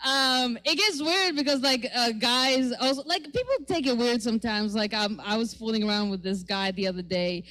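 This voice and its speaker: Brash profane comedienne, high voice. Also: female voice, moderate pace, fairly bright tone, rough recording. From Israel. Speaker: stand-up comedian. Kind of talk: stand-up comedy set. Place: kava lounge comedy stage.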